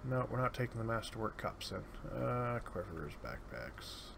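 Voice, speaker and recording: A man's voice: lowish voice, very animated, normal speed, vocal fry, noisy background. A man giving casual, sardonic gameplay commentary, muttering his way through lists of items. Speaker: let's play host. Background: keyboard typing.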